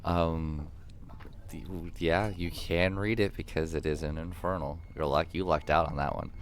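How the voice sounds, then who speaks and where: A man running a tabletop game as dungeon master, narrating with many pauses and fillers. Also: very deep voice, fairly even intonation, a little hiss or hum. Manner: hesitant, filler-heavy narration. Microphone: streaming microphone.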